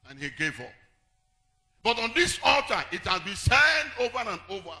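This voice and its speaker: A man preaching a sermon as pastor, singing some phrases and shouting others, then dropping low to tell stories. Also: very animated, normal speed.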